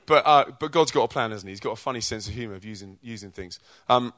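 A British man preaching to young people, telling stories from his own life in a chatty, energetic way. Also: mid-range voice, quick pace, no room sound. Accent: British English. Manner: energetic, chatty storyteller who acts out quotes. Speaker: speaker at a youth church event. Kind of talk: testimony-style preaching with stories.

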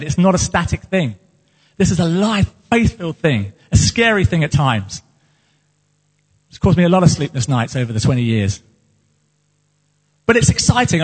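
A man's voice: fairly high pitch, husky. A man preaching as the pastor of his church, speaking earnestly and with passion about his calling. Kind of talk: sermon. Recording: long hall reverb.

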